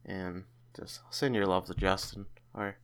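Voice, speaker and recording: Smooth-voiced man hosting a podcast. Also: low voice, level tone, a little slow. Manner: chatty, stumbles and restarts sentences. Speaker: podcast host. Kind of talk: casual podcast chat.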